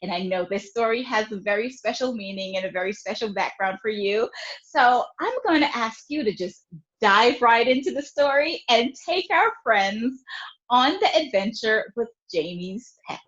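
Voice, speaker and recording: Lively, animated woman hosting a reading show. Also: a little high, normal speed. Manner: lively, welcoming. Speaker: host of a children's reading show. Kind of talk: introducing a guest. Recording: dull lo-fi recording.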